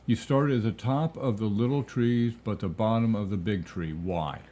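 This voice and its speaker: A man's voice: on the low side, moderate pace. A man co-hosting a live painting stream, chatting casually and reading out viewers' questions. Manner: relaxed, talking to viewers.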